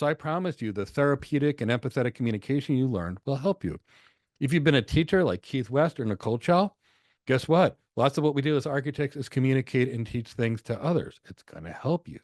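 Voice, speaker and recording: An American man hosting a live question session, talking in an animated, encouraging way and telling stories. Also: medium pitch, dry recording, clean studio sound. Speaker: host and instructor. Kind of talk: live Q&A webinar.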